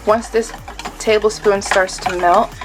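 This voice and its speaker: A woman's voice: medium pitch, steady tone, measured pace, noisy background. Chatty woman hosting a home baking tutorial. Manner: chatty, explains each step as she cooks. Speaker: baking channel host. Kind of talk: casual cooking tutorial. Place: home kitchen.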